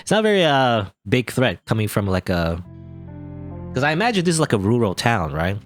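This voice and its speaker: A man's voice: mid-range voice, big pitch swings, brisk, faint music behind. A man casually commentating on a video game as he plays it, chatty and rambling. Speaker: let's play host.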